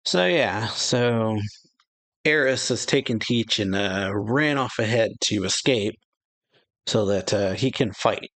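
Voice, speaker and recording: A man's voice: fairly low pitch, slow, fairly bright tone. A man hosting a casual reaction to a comic chapter, reading the panels aloud and narrating them loosely, with frequent chuckles and fillers. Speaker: reaction channel host.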